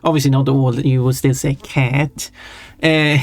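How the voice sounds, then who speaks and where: Taking it slowly, a streamer with a mid-range voice and fairly even intonation chats while drawing, wandering through self-deprecating thoughts. Faint chill music plays in the background.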